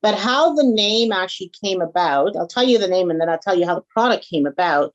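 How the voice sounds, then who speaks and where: A woman's voice: medium pitch, a little fast, highs cut off. A woman from a Caribbean background, telling stories in a casual interview and often checking in with "right?". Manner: animated storyteller, frequent "right?" and "you got it". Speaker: guest, small food business owner.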